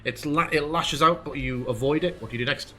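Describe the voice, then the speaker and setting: A man's voice: on the high side, a little fast, bright, forceful tone. A man acting as game master in a tabletop game, checking rules aloud and asking players what they do.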